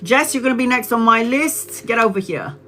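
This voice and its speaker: A woman giving live-stream tarot readings in an excitable way, often laughing and exclaiming, and calling viewers sweetheart. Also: a little high, brisk, faint music behind, rough recording. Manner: affectionate, calls viewers sweetheart. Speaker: tarot reader.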